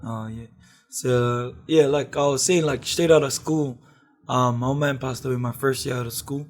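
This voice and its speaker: A man's voice: medium pitch, steady tone, normal speed. A young man with a New Zealand accent, chatting casually as a guest with lots of slang and laughter. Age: young adult. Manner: laid-back, laughing, lots of slang and fillers. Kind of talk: casual chat.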